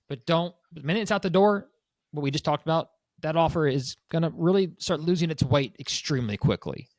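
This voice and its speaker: A man's voice: on the high side, no room sound. A man co-hosting a business podcast as a broker, chatting casually and acting out what clients say. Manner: animated, acts out clients' quotes.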